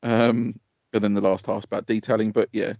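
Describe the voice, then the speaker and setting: Gravelly Essex man, rambling podcast chat. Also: fairly low pitch, level tone, a little fast, a little mellow, dry recording. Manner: rambling, swears, laughs at own stories. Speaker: podcast co-host. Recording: dull lo-fi podcast audio.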